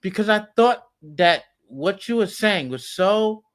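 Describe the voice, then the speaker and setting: A man in a heated family argument as a father, talking in a raised, forceful, lecturing way. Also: high-pitched, lively intonation, measured pace. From United States.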